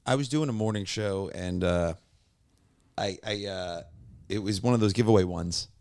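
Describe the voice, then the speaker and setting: A man with a somewhat low voice chats as a podcast guest. He is a warm-up comedian who tells lively anecdotes and slips into the voices of the people in them. The sound is dry, with no room echo. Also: moderate pace. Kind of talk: casual storytelling chat.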